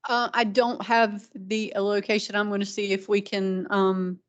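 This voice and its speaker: A woman chairs a community meeting in a flat, even voice, pausing on ums as she works through practical reminders. The recording is dull and lo-fi. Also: medium pitch. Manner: practical, with frequent ums and restarts. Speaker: meeting organizer. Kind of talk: running a public meeting.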